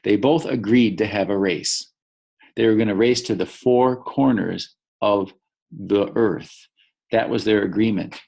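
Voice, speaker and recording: A male teacher reading a story aloud to young children and explaining new words gently. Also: fairly low pitch, unhurried, gravelly. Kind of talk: storybook read-aloud lesson.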